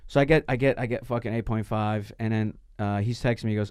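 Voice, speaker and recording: A man's voice: fairly low pitch, fast talker, few pauses, clean tone, no room sound. Foul-mouthed male podcast guest, stammering storyteller, dry close sound. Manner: profane, animated, stammering restarts. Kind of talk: casual storytelling chat.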